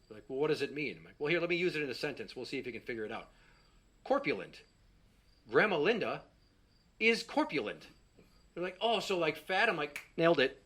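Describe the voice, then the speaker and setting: A man's voice: on the high side, expressive, fast, a bit bright, slight background noise. A middle-aged man doing a stand-up set, telling a profane, exasperated story and acting out the quotes. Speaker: stand-up comedian.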